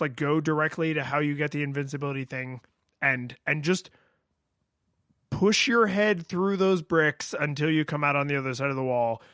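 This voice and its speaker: A man's voice: a little high, dry recording, clean studio sound. A man co-hosting a podcast, chatting casually and rambling through a retro game review with many fillers and restarts. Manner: rambling, lots of fillers and restarts, acts out his own past excitement. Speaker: podcast co-host.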